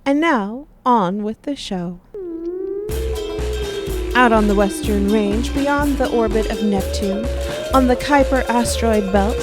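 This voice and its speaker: A woman narrating a Western space audio drama in a measured announcer delivery. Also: on the high side, loud music behind the voice. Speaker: narrator and newsreader. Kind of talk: scripted radio-drama narration.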